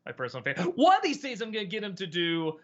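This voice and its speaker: A man's voice: high-pitched, very fast, muffled recording. A man hosting a weekly question-and-answer stream, chatting casually and rambling through viewer questions with frequent laughs. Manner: relaxed, rambling, laughs often.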